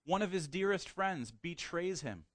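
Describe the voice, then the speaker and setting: A man preaching a sermon in a voice a little higher than most men's, recorded close and dry. He reads scripture aloud, then preaches with rising emphasis. He talks to the congregation directly and asks them questions. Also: animated, a little slow, no room sound. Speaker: pastor.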